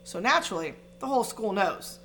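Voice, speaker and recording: A woman reading aloud, voicing a kindly old male headmaster wizard who speaks in a calm, measured, gently wry way. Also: mid-range voice, slight background noise.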